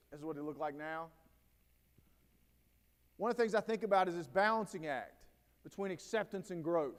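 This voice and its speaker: A man, giving a keynote talk to educators and telling stories with lively acted-out quotes. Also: sits high. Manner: storytelling, animated, acts out quotes. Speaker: keynote speaker at a teacher training day. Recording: long hall reverb.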